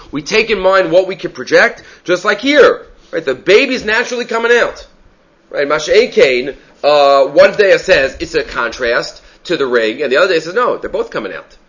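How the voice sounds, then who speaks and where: Guy teaching talmud, kinda high bright voice, keeps saying right?, muffled lo-fi audio. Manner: explanatory, asks rhetorical "right?" often, mixes Aramaic terms. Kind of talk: Talmud lecture. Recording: dull lo-fi recording.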